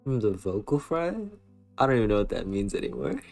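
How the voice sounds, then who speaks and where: A man's voice: lowish voice, very animated, a little fast, gravelly, a little mellow, soft background music. Rambling young American man streamer. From western United States. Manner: rambling, filler-heavy, playful. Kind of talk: casual chat reading stream chat.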